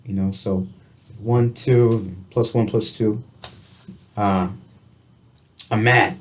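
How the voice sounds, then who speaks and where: A man's voice: medium pitch, slow, pauses often. Rambling man musing about feelings. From United States. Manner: rambling, full of restarts and "you know"; reflective, laughs lightly now and then. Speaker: vlogger. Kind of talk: casual rambling self-help talk.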